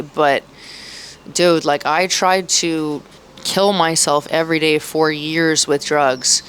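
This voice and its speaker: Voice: mid-range voice, fairly bright tone, a little hiss or hum. A thirty-year-old vlogger talking in a rambling, emotional way, full of swearing and fillers. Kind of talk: emotional personal vlog. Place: outdoors in Mexico, birds audible.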